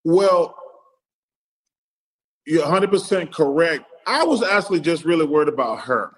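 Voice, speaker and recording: A man's voice: fairly high pitch, expressive, normal speed, poor audio. Man telling stories. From Alabama, US. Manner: retells stories in quoted dialogue, keeps repeating "I said". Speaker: podcast guest, former pro athlete. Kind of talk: casual storytelling.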